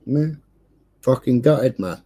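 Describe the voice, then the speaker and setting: A man's voice: mid-range voice, slow pace. Sweary man telling a story. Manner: swears constantly, animated storytelling. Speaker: livestream host. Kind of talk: casual chat. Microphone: streaming setup.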